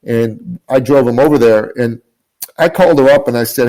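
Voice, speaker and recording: A business coach living in Canada, appearing as a podcast guest, tells a story in an earnest, emphatic way, repeating phrases. He has a warm, mid-range voice at a moderate pace, though the recording is rough.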